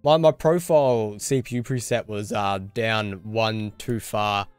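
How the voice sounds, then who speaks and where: A man's voice: lowish voice, steady tone, a little slow, clean tone, no echo, soft background music. Chatty Australian man streaming a game. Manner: chatty, muttering to himself while fixing settings. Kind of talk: casual gaming stream commentary.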